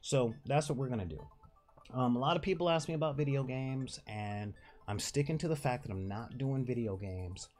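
A nasal-voiced channel host from Southern California talks casually to camera, rambling and laughing and restarting as he goes. His voice is mid-range and a little mellow, at a moderate pace.

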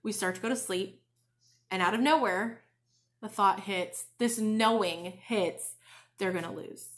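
A woman's voice: mid-range voice, measured pace. A woman hosting a crafting podcast from home, telling a story in a chatty, casual way. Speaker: crochet and knitting podcast host. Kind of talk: casual chat. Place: home, in front of a bookshelf.

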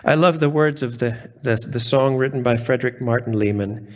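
A man's voice: mid-range voice, steady tone, fairly quick, muffled recording. A man preaching a sermon as pastor, reading scripture aloud and stressing quoted words earnestly.

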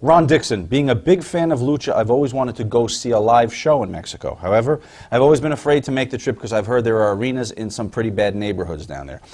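A man's voice: medium pitch, lively intonation, fast talker, darkish tone. A man hosting an interview and reading out fan questions in a wry, teasing way. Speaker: interviewer host.

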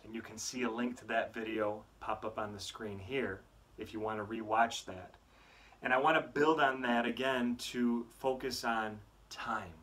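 A man, a youth motivational speaker, giving a weekly faith talk to students with animated, earnest storytelling. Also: medium pitch.

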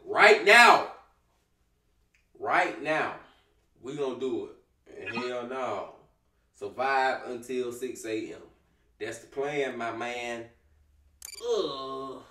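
A young man doing casual let's-play commentary, cursing often, hyping himself up and getting jumpy and loud. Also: medium pitch, takes it slowly, long pauses, roomy sound, distant mic, slight background noise. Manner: profane, hypes himself up, gets jumpy and loud. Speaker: gaming streamer.

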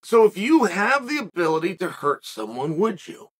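Man, middle-aged, podcast host, reflective commentary, rhetorical questions, restarts, high-pitched. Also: big pitch swings, normal speed, husky. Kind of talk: commentary monologue.

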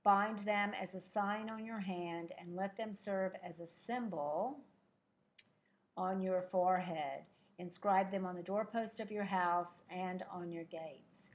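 Woman, lay prayer leader: slow, unhurried reading, soft fillers, modest singing voice, distant room mic. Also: on the low side. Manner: slow, gentle, with many fillers. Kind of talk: leading a live-streamed prayer service.

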